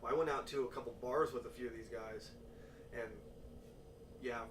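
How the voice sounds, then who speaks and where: A man's voice: medium pitch, moderate pace. A man telling stories in casual podcast chat, swearing freely and acting out what people said. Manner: profane, animated storyteller acting out quotes. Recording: roomy, distant mic with faint noise.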